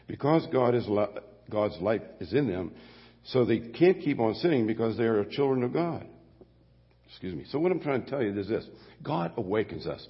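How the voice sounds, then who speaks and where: An older male pastor preaches in a folksy, rambling way and often restarts his sentences. His voice is gravelly and husky, with a long reverb trailing behind it. The audio sounds dull and lo-fi. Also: mid-range voice, expressive, normal speed. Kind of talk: sermon.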